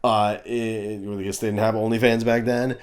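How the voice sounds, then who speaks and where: A man's voice: on the low side, flat delivery, normal speed. A man in his fifties giving a crude, ranting comedic review of a cartoon.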